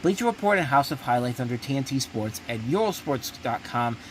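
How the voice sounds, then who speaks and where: A man at an ordinary mid-range pitch reads entertainment industry news aloud, stumbling and restarting as he goes and throwing in sarcastic remarks. A faint background noise runs under the recording. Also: lively intonation, brisk. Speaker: show host. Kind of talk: casual news commentary.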